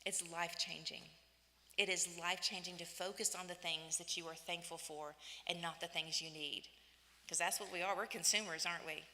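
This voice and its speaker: A woman in her fifties giving an inspirational church talk, telling personal stories in an animated way and acting out the voices she quotes. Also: on the low side, a little fast, slight background noise. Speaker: women's day church speaker. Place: church hall. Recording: echoey church hall.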